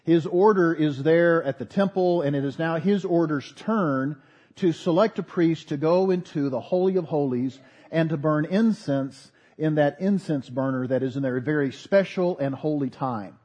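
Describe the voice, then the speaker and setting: A pastor preaching a sermon, earnest with folksy asides. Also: male voice, a little high, moderate pace, a little mellow, highs cut off.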